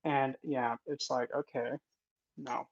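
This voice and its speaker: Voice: mid-range voice, fairly even intonation, slow, vocal fry. An occult content creator giving casual vlog commentary in an indignant, sarcastic manner. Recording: dull lo-fi recording.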